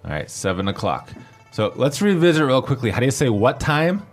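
A man's voice: mid-range voice, big pitch swings, brisk, faint music behind. A man hosting a language lesson who patiently explains grammar and spells out pinyin letter by letter.

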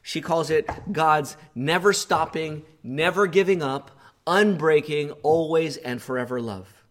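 Earnest preaching man, fairly high voice. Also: a little slow. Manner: earnest, grows impassioned when voicing the psalmist's pleas. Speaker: pastor. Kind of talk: sermon.

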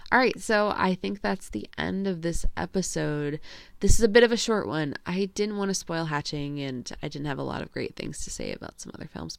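Low gravelly-voiced woman, hesitant podcast host. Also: no room sound, clean studio sound. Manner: rambling, hesitant, frequent fillers. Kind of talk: casual solo film review.

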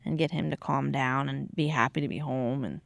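A woman's voice: a bass voice, fairly quick, creaky, no echo. A woman in her thirties in casual chat as a podcast host, telling stories animatedly and acting out quotes. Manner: animated storytelling, acts out quotes loudly.

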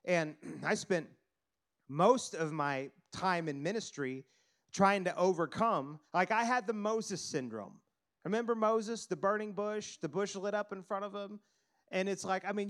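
Middle-aged guy preaching, kinda high voice, earnest, stumbles and repeats himself. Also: a little fast. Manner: earnest, repeats words, asks for slides. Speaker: pastor. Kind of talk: sermon.

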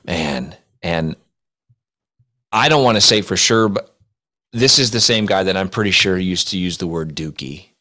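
A man's voice: sits low, lively intonation, normal speed, long pauses, bright, forceful tone. Man telling mock-solemn stories. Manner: mock-solemn storytelling, laughing through his own jokes. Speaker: podcast co-host. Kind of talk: casual comedic chat.

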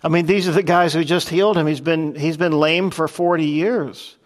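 A man delivering a sermon in a chatty, conversational style. His voice sits a little higher than most men's, and he poses rhetorical questions to the congregation and slips into quick acted-out voices. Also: steady tone. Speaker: pastor. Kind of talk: expository sermon.

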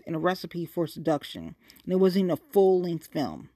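Woman, casual profane rant to camera, low voice with big pitch swings. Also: very animated, brisk, few pauses, warm tone. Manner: profane, exasperated, talks to the viewer directly.

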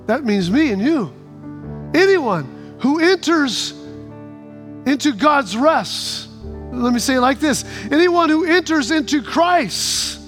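Male pastor, very high voice, emphatic sermon delivery, faint music behind. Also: a bit bright. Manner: emphatic, repeating phrases, stammering restarts.

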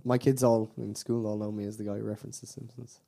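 A man's voice: lowish voice, level tone, fairly quick, creaky, warm tone. A man co-hosting a podcast in casual chat, rambling and quoting lines with frequent laughs. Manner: rambling, chatty, quotes lines and laughs often. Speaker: podcast co-host.

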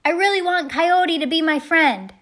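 A woman reading an audiobook, voicing a young boy who acts tough but is scared, shouting his lines into the wind. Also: very high voice, moderate pace, voice pushed up.

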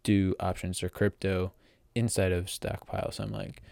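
A man's voice: low voice, level tone, normal speed, vocal fry, darkish tone, no room sound, clean studio sound. An eighteen-year-old young man telling a casual story in a rambling way, full of fillers and restarts. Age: teens. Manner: rambling, filler-heavy, self-correcting. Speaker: vlogger.

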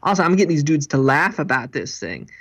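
Animated man telling marriage stories. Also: on the high side, a little fast. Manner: animated storyteller, acts out quoted voices. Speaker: pastor and marriage seminar speaker. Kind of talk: interview guest.

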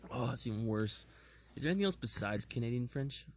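A man in playful casual chat with a friend, teasing and firing off quick questions. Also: medium pitch, expressive, slight background noise. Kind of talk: casual chat, improvised rhyming.

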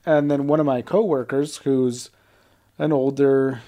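A man's voice: mid-range voice, fairly even intonation, unhurried, mellow. A man co-hosting a casual chat, rambling and swearing as he tells stories and mimics people mockingly. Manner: rambling, profane, storytelling with mocking quoted voices. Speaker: podcast co-host.

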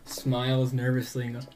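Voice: mid-range voice, a little mellow. Rambling game master narrating a tabletop game. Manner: rambling, many "like" and "um".

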